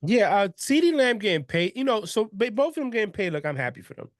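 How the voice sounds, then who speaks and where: A man's voice: high-pitched, quick pace, dry recording. Male podcast host, easygoing talk with restarts, dry sound. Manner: relaxed, conversational, trailing restarts. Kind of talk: casual sports podcast chat.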